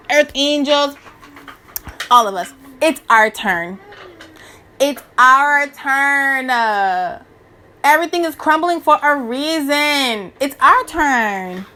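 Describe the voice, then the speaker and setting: A woman in her twenties giving a casual, slangy spiritual rant to her viewers, animated and preachy with many restarts. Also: fairly high pitch, a little hiss or hum. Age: 20s. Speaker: spiritual vlogger.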